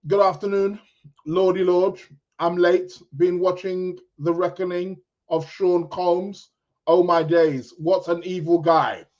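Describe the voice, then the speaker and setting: A man's voice: sits high, steady tone, slow pace, a little mellow, dull audio. A man hosting a casual live-stream chat, rambling with fillers, laughs and self-corrections. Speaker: podcast host.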